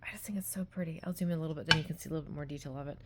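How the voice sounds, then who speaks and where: A woman's voice: deep voice, rapid-fire, heavy background noise. Chatty woman vlogging close to phone. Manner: chatty and rambling, often trailing into soft half-whispers. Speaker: vintage-haul vlogger. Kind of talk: casual show-and-tell vlog. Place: at home. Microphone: phone held close.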